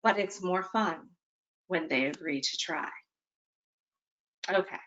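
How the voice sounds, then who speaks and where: A woman's voice: fairly low pitch, takes it slowly, fairly bright tone, muffled recording, slight background noise. A woman presenting a webinar talk for parents, talking conversationally with dry, self-mocking humor and often checking in with "okay?". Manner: conversational, punctuates points with "okay?".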